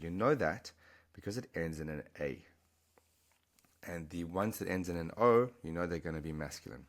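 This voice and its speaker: A man teaching Spanish vocabulary in a chatty way, often repeating words slowly for pronunciation. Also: low voice, fairly bright tone. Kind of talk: explanatory language lesson.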